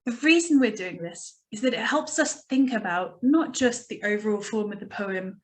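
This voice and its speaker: Encouraging woman teacher, slightly high voice. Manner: encouraging, slow dramatic poem reading. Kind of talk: recorded lesson with poem readings.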